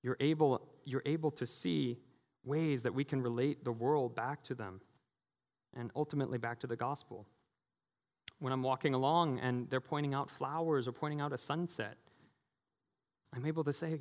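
A man's voice: medium pitch, normal speed, long pauses. A pastor in his thirties giving a conversational sermon in a church, telling stories, laughing often and leaning on "you know". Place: church sanctuary. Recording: long church hall reverb.

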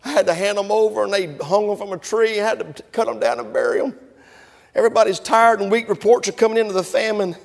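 A man preaching a sermon, telling stories in a folksy way and building up to shouting. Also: high-pitched, steady tone, quick pace, vocal fry, long reverb tail.

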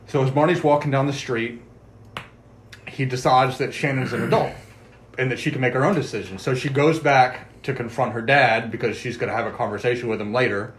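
A man's voice: mid-range voice, brisk, slight background noise. A man co-hosting a podcast, casually recapping a TV episode and quoting the characters as he goes. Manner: chatty storyteller, quotes characters in lively asides. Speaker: podcast co-host.

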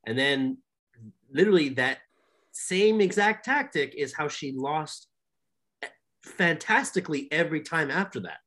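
A man's voice: a little high, animated, a little slow, pauses often, fairly bright tone. A man in casual podcast chat about fights, talking loosely with lots of fillers and trailing thoughts. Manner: loose, rambling, filler-heavy.

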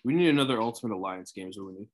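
A young man co-hosting a casual podcast, joking around and firing back quick replies. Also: fairly low pitch, lively intonation. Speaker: podcast co-host. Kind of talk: casual chat.

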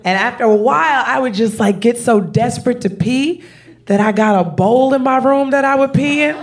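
A woman comedian telling a brash, profane, animated story on stage. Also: a little high, normal speed. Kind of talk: stand-up storytelling. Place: live comedy show.

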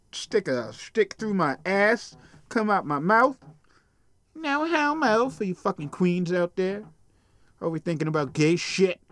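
A man hosting a podcast, ranting casually about a news story, swearing bluntly and stumbling over names as he reads. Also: high-pitched. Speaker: podcast host. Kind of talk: casual profane rant reading a news story.

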